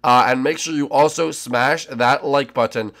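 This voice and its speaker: A man voicing a bratty young male turtle prince in a game role-play, shouty and excitable, who also hosts the video. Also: mid-range voice, normal speed, lightly acted. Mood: hyped. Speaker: host.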